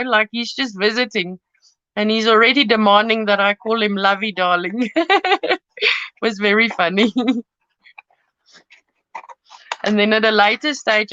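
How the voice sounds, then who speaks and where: A woman's voice: a little high, sharp tone, no echo. A woman hosting a chatty live-stream craft tutorial from her home studio, rambling and giggling as she cuts paper. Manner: rambling and giggly, chats while cutting paper. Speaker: craft channel host. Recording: dull lo-fi, dry sound.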